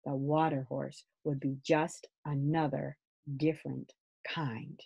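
A woman reading a children's book aloud, lively and expressive, jumping to loud high shouts for the characters. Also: slow pace, gravelly, husky, lo-fi sound. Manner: lively, raising her voice high for shouts and bird cries. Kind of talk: read-aloud storytelling.

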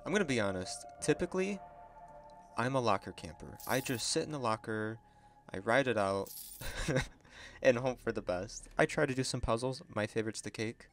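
A man giving excitable, chatty gameplay commentary and laughing often as a gaming video creator. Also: medium pitch, moderate pace, faint music behind.

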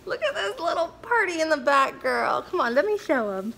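A woman's voice: sits high, very animated, normal speed, creaky, sharp tone. A woman at home talking to her baby in a casual vlog, cooing in sing-song baby talk. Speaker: mother and vlogger.

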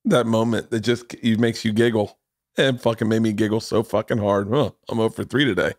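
In a dry, clean studio recording, a forties-aged podcast host speaks briskly in a fairly low voice with fairly even intonation. He spins casual, rambling stories full of profanity, laughing at his own jokes along the way.

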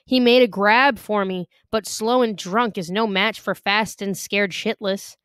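A woman reading a novel aloud in an expressive, careful way. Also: medium pitch, unhurried, clean tone, dry recording, studio quality. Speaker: reader.

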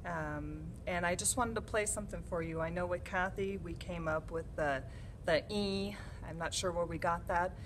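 A woman's voice: fairly low pitch, normal speed, background noise. A woman recording a farewell message to a retiring coworker, emotional and holding back tears.

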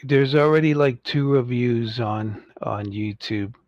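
A man from the United States chatting slowly on his livestream as host, rambling and jokey. His voice sits at an ordinary pitch, and the sound is dry and slightly muffled, like a home mic. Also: a little mellow, dry recording. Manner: rambling and jokey, mocking impatient fans in squeaky voices. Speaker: toy collector livestream host. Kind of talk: casual livestream chat.

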